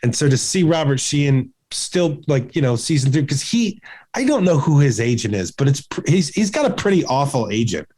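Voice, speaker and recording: Man, podcast co-host, casual chat, rambling with restarts, mid pitch. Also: big pitch swings, normal speed, a little mellow. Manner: rambling, many restarts and fillers.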